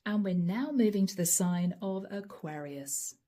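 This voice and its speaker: Calling viewers by star-sign nicknames, a tarot reader muses aloud through a channeled reading at a measured pace. Her voice is hoarse yet warm, sitting at a medium pitch.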